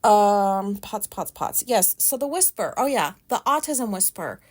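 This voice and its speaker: A woman hosting her own podcast, talking loudly in a chatty, rambling and frank way about her life. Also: medium pitch, lively intonation, a little slow. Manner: loud talker. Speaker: podcast host. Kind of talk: casual solo podcast monologue.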